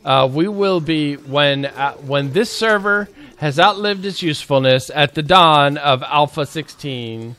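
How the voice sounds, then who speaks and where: Man, game streamer, playful chat, slightly high voice, slow easy pace. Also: expressive, sharp tone, smooth. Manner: playful, jokey, talks to chat and to the zombies. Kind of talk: casual live gameplay commentary.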